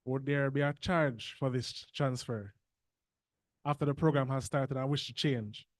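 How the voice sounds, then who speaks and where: A man's voice: medium pitch, steady tone, normal speed. A man calling in to a show, asking questions politely and with some hesitation. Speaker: caller. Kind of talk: phone-in questions.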